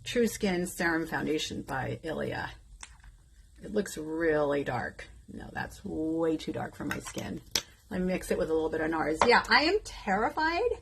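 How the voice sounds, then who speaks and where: A woman's voice: sits low, sing-song, moderate pace, vocal fry, background noise. A woman in her fifties chatting casually with her viewers while doing her makeup, emotional and outspoken. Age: 50s. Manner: emotional, outrageous, addresses viewers directly. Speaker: beauty content creator.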